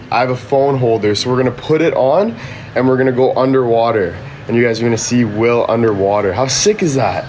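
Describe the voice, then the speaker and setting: Upbeat man vlogging live outdoors, distant and echoey phone sound, loud ambience behind. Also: mid-range voice, slight background noise. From Canada. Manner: upbeat, addresses viewers directly, reads out chat. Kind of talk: casual live-stream chat. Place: outdoors by the sea.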